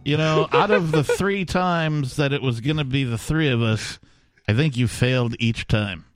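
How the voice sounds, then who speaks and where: A man's voice: mid-range voice, moderate pace, no room sound, faint music behind. A man hosting a casual talk radio show, chatting with fillers and asides. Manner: conversational, drawls with fillers. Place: radio studio.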